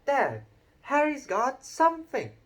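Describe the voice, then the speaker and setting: Spoiled whiny boy, loud and high, voiced by a male reader, storybook. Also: wildly swooping pitch, slow, full character voice. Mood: demanding. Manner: loud, demanding.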